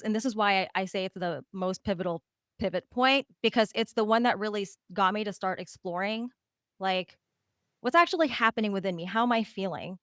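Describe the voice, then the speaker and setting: A woman's voice: mid-range voice, fairly bright tone, dry recording, clean studio sound. A woman coach and podcast host giving a live masterclass talk, telling her story candidly and animatedly, with casual swearing.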